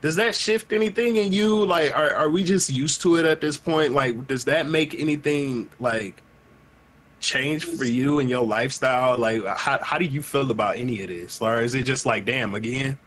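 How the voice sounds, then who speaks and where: A man hosting a casual podcast chat, talking in an animated, emphatic way and cursing freely. His pitch sits in an ordinary middle range, neither high nor low. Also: moderate pace, a little hiss or hum. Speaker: podcast host.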